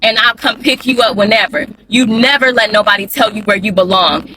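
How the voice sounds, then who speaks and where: A woman's voice: mid-range voice, fairly quick, hardly any pauses, background noise. An angry mother, talking bluntly and with heat in a personal vlog and hammering her words for emphasis. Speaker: mother vlogger.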